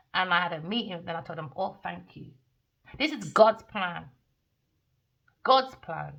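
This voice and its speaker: Brief: blunt woman tarot reader, profane, sharp bright tone. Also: medium pitch, lo-fi sound. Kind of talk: tarot reading rant.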